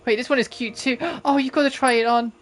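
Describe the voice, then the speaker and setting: A woman's voice: high-pitched, steady tone, fairly quick, soft background music, voice pushed up, close to an everyday voice. A streamer voicing Sanae, an eager teen girl who gushes over her friend, for a game playthrough. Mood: gushing. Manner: gushing, breathy-soft, pushy with compliments.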